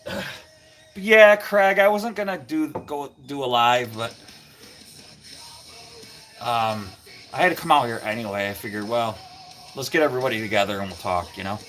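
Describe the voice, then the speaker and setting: A man's voice: mid-range voice, normal speed, pauses often, fairly bright tone, faint music behind. A man hosting a casual livestream from a cold garage, rambling and greeting viewers by name. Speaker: livestream host. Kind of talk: casual live-stream chat with viewers.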